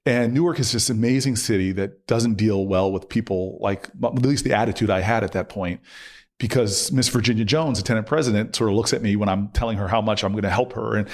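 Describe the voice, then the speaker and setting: A middle-aged man, a guest on an interview show, telling a long personal story in an animated way and acting out what people said. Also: fairly low pitch, a little fast. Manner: animated, acts out quotes with laughs. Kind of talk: conversational storytelling.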